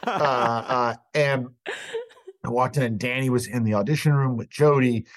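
A man's voice: mid-range voice, fairly even intonation, moderate pace, no echo. A man as a podcast guest, telling stories in loose, casual chat, swearing often and laughing as he talks.

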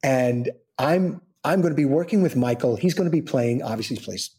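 A middle-aged man, a soap actor being interviewed, telling anecdotes casually and acting out the people in them with lively, raised voices. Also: fairly quick. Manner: animated storyteller, acts out quoted voices in high pitch. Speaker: soap opera actor guest.

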